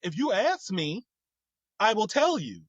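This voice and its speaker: A man's voice: high voice, very animated, a little slow, no echo, lo-fi sound. A man co-hosting a casual chat, rambling with lots of fillers and restarts. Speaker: co-host.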